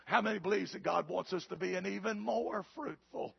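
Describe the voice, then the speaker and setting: Man, pastor preaching, high raspy gravelly voice, shouted peaks, dull lo-fi recording. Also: fairly quick. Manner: preaching with sudden shouted climaxes and call-outs to the congregation. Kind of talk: sermon.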